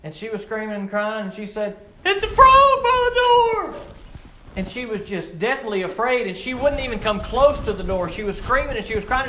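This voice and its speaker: A man delivers a sermon in a slightly high voice, earnest and plain-spoken. He repeats words and phrases as he builds to emphatic, louder peaks, then drops back low. The room is echoey, with a faint hum of ambient noise behind him. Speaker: preacher. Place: outdoor or open church setting with frog croaking nearby.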